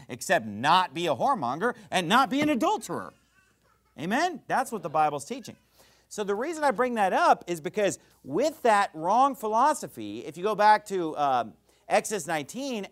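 A man preaching a sermon as pastor, fiery and emphatic, swinging between loud bursts and quiet asides. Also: high voice.

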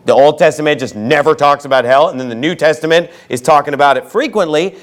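A man preaching a fiery sermon as pastor, swinging from low asides to shouted outbursts and slowing down to stress quotes from scripture.

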